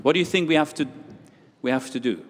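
A man's voice: a little high, quick pace. A man leading an interactive children's sermon in a church, playful and full of questions to his young listeners. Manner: playful, questioning the audience, walking around while talking. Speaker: preacher leading a children's talk. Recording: long hall reverb.

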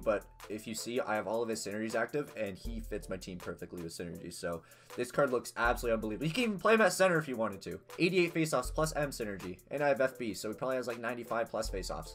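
A young man giving casual, excitable gameplay commentary as a gaming channel host, swearing and yelling at big plays. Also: on the low side, fast, faint music behind. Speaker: gaming youtuber.

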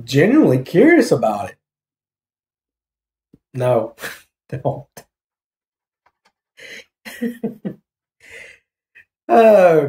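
A man with a medium-pitched, slightly mellow voice hosts a casual YouTube video review. He rambles with hesitant fillers and laughs often. The room sounds echoey.

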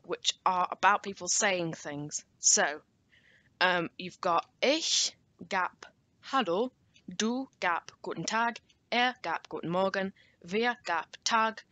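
A young woman teaching a recorded language lesson, patient and slowing down to spell and model each word. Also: on the low side, pushed and bright, no echo. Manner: patient, slows down to model words.

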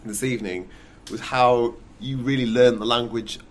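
A man interviewing a guest, asking hesitant, halting questions full of ums. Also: medium pitch, steady tone, a little hiss or hum. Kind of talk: podcast interview.

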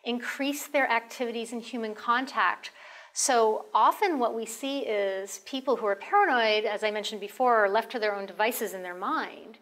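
Calm, gentle woman health educator. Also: a little high, normal speed. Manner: calm, instructive, softens into a gentle tone when modeling reassuring phrases. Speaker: marriage and family therapist presenting a caregiver talk.

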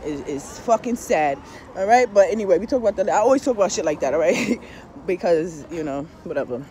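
Brisk and animated, with a mellow voice on the low side, a tarot reader and spiritual vlogger rambles through a casual monologue, with a little hiss or hum in the recording. She's blunt and profane, scattering swear-word fillers, laughs, and asides throughout.

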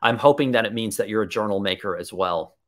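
A man's voice: lowish voice, fast talker. A man presenting a live webinar, talking in an enthusiastic, conversational way and answering viewer questions as he thinks aloud.

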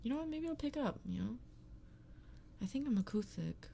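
A woman's voice: fairly high pitch, lively intonation, normal speed, vocal fry, dark tone, slight background noise. A woman livestreaming and chatting casually to her viewers, blunt and profane with playful grumbling. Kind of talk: casual stream chat. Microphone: streaming microphone.

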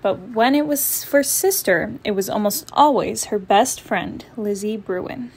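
A woman storyteller reading a children's picture book aloud, clear and expressive. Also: mid-range voice, measured pace, a little hiss or hum.

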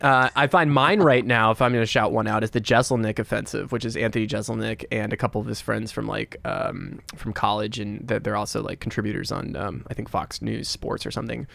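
Gravelly-voiced man, dry close sound. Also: lowish voice, fairly even intonation, fairly quick, few pauses, fairly bright tone, no echo. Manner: joking, loose, trails off mid-sentence. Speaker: podcast co-host. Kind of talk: casual podcast chat.

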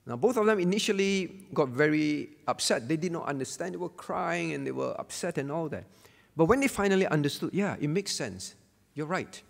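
Emphatic pastor in a reverberant hall. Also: male voice, on the high side, expressive, brisk, creaky. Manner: emphatic, repeats key phrases. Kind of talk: Bible lesson sermon.

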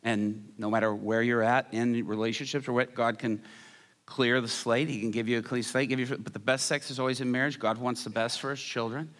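A middle-aged man preaches with animated storytelling, acting out the people he talks about. His voice is bright and forceful. It carries a long reverb from the church hall. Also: mid-range voice, a little fast. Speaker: pastor. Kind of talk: sermon storytelling.

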